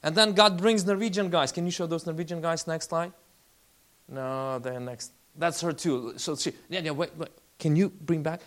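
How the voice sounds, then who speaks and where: Man, forties, fairly high voice, animated storytelling, church testimony. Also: normal speed. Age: 40s. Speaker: faith-based relief leader. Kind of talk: testimony talk with slides.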